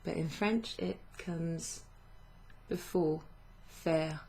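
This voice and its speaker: Slow, gravelly-voiced woman teaching French. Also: deep voice, warm tone. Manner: slow, patient explaining with fillers and self-corrections. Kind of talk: online language lesson.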